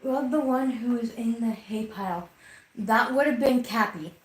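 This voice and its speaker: A woman's voice: on the high side, moderate pace. Chatty woman streaming from an echoey room. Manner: chatty, reads viewer comments aloud, talks to her pets. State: has the hiccups. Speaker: livestream host. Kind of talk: casual livestream chat.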